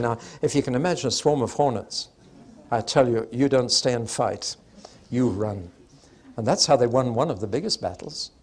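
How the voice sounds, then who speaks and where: Speaking at medium pitch, a man teaches from the Bible to an audience in an emphatic, conversational style laced with dry humor. He suddenly swells on stressed words and stretches them out.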